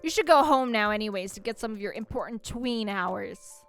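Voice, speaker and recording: A woman's voice: medium pitch, lively intonation, moderate pace, soft background music. A woman co-streaming a game, reading lines and joking in a dry tone. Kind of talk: casual game commentary.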